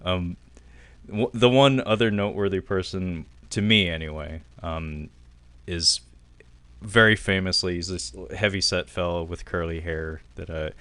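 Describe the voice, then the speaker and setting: A man co-hosting a film podcast, telling stories in relaxed casual chat. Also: deep voice, unhurried, clear, resonant tone, dry recording. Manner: relaxed storytelling with fillers and laughs. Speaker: podcast co-host.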